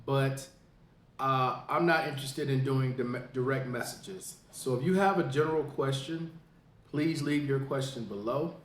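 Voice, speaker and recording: A man who hosts a veterans information podcast, from the United States, giving a casual spoken update in a plain, unhurried way with many fillers. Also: medium pitch, echoey room, a little hiss or hum. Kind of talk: casual straight-to-camera update.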